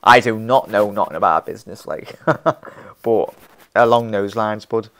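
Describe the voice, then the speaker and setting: With a lowish, fairly bright voice and a slightly slow delivery, a young fan channel host reads comments on a casual live stream. He rambles, laughs often, keeps restarting, and calls his viewers fella and mate.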